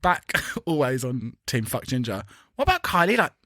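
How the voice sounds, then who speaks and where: A man, co-hosting a casual chat podcast, gossipy and camp with quick quips. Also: mid-range voice, very animated, a bit bright, no room sound, clean studio sound. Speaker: podcast co-host.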